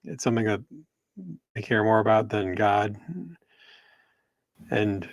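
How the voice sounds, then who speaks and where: Male co-host on a video call, gravelly, slightly low, dry close sound, measured. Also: level tone, no room sound. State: spotty connection. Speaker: podcast co-host. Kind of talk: casual religious discussion.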